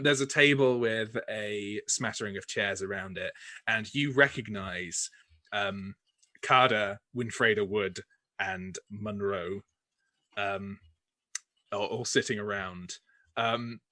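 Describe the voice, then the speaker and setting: A man narrating as game master of a tabletop game, halting, with many fillers and restarts. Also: fairly low pitch, pushed and bright, no echo.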